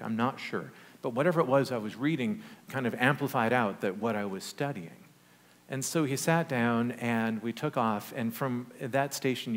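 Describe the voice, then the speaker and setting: A pastor telling stories in a reverberant church. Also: male voice, medium pitch. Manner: conversational, animated storytelling with asides. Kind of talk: sermon storytelling.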